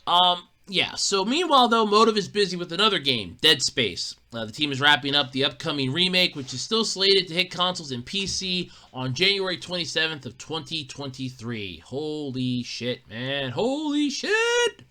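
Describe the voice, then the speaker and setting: A solo podcast host ranting about gaming news, emphatic and profane. They repeat and restart when worked up, and swing between low mutters and loud outbursts. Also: expressive, a little fast, few pauses.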